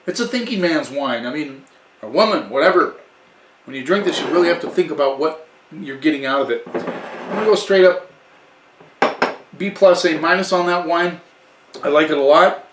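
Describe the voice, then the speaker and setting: A man's voice: on the high side, normal speed, pauses often, distant mic, noisy background. A man giving a casual wine tasting review in a chatty way, often restarting and correcting himself. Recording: echoey room, away from the mic.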